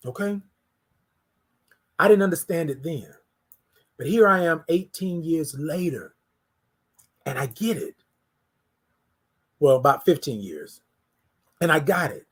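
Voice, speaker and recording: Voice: mid-range voice, animated, takes it slowly, long pauses, husky. Emphatic preacherly host, slangy and repetitive. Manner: emphatic, repetitive, preacherly, talks to listeners directly; casual slang. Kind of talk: inspirational morning talk.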